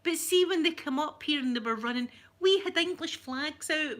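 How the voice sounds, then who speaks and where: Speaking briskly with few pauses in a high, fairly bright voice, a middle-aged woman from Scotland runs a casual livestream. She rambles and rants chattily, laughs a lot and greets viewers by name, with slight background noise.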